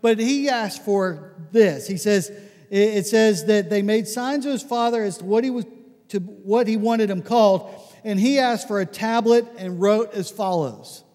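A man preaching a conversational sermon, telling stories with lots of restarts and animated asides. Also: sits high, measured pace, long reverb tail. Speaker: pastor.

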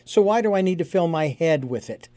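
A man hosting an interview, speaking reflectively and haltingly, with frequent restarts. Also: a little high, animated, dark tone, no echo. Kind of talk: conversational interview.

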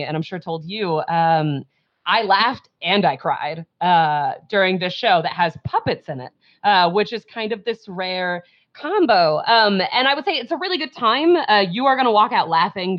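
A young woman, a theater writer and director, chatting enthusiastically in an interview. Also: mid-range voice. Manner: chatty, enthusiastic, jumps into quoted voices. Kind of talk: casual interview chat. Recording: dull lo-fi audio.

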